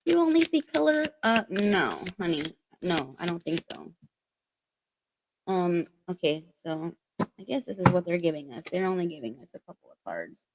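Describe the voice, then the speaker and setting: A woman's voice: fairly low pitch, lively intonation, normal speed, background noise. Chatty, swearing woman reading oracle cards. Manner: chatty, swears freely, heavy use of "like". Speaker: oracle card reader. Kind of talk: casual spiritual card reading.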